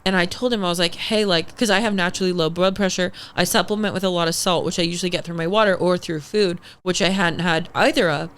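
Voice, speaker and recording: Animated young woman telling a story. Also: fairly low pitch, quick pace, few pauses. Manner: animated, swears freely, acts out quoted dialogue. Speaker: podcast guest. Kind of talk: casual storytelling interview.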